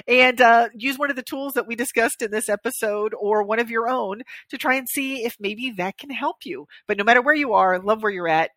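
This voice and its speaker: A woman's voice: a little high, fairly bright tone, no echo. Chatty woman podcast co-host. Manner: chatty, laughs easily, self-deprecating. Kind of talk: casual podcast chat.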